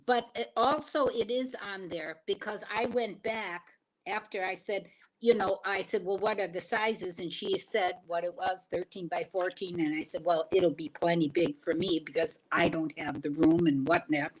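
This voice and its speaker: A woman's voice: on the low side, steady tone, normal speed, low-quality recording. An older woman, a regular guest co-host on a casual livestream, talks in a folksy, rambling storytelling way.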